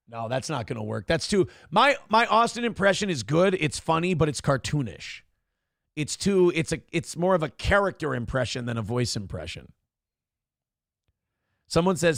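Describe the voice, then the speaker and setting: A man's voice: on the high side, very animated, normal speed, long pauses, fairly bright tone, no echo, studio quality. A man hosting a live-stream show casually, reading viewer comments aloud and joking crudely. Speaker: host.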